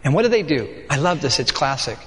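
A man preaching a sermon in an animated way, reading scripture and acting out the voices of the people in it. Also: fairly high pitch, fast, echoey room, long reverb tail. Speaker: pastor.

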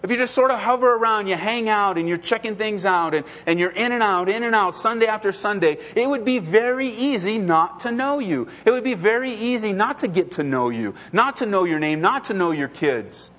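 A man's voice: high voice, lively intonation, brisk, hardly any pauses, a bit bright. A male pastor preaching a sermon in an emphatic, repetitive way, often restarting his phrases.

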